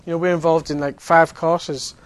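Man, somewhat high voice, evangelistic talk, conversational, joking asides. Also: little pitch movement, moderate pace. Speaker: Alpha course speaker.

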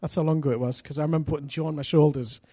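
A middle-aged man from England, preaching a sermon full of personal stories, energetic and self-deprecating with bursts of loud emphasis. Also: fairly high pitch, very fast, breathy edge, no room sound.

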